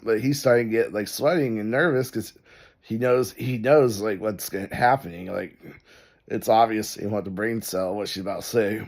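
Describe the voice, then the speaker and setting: A man's voice: on the low side, steady tone, moderate pace, a little mellow. A man telling a story in casual commentary, rambling, with lots of "like" and "uh". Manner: rambling, full of "like" and "uh".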